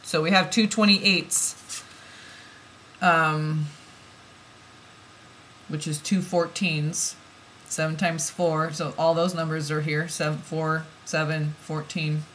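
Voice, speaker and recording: A woman giving an oracle card reading, musing softly and then bursting into heated, swearing rants. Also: sits low, level tone, slow pace, long pauses, slight background noise. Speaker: tarot reader.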